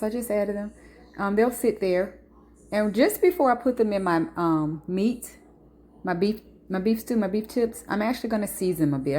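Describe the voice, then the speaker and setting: A woman's voice: fairly low pitch, darkish tone. A woman chatting casually to her viewers while she cooks in a home kitchen, filmed on a phone, with slangy asides. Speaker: cooking vlogger. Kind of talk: casual cooking vlog chat. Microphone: phone camera.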